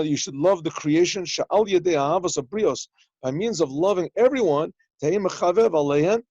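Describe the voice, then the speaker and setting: A man's voice: high voice, a little mellow, no echo. Male rabbi, lesson tone, acts out small dialogues in his stories, slightly muffled lo-fi call audio. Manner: explains in plain talk, translating Hebrew phrases as he goes. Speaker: rabbi teaching a yeshiva class. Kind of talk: Torah lesson over a video call.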